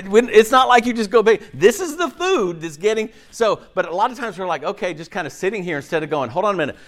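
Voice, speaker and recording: Man, pastor, sermon, conversational, animated, slightly high voice, lots of "okay?".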